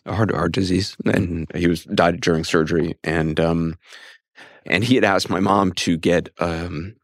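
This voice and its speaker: Reflective, deep-voiced man. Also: fairly even intonation, unhurried, no echo, studio quality. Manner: reflective, hesitant with fillers and restarts. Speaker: guest. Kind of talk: conversational interview.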